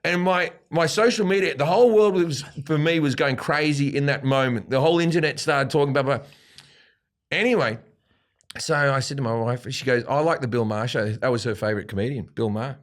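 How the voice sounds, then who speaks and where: An Australian man, a comedian guest, telling a profane anecdote in an animated way and acting out quotes. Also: mid-range voice, brisk. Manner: animated, swearing freely, acts out quotes.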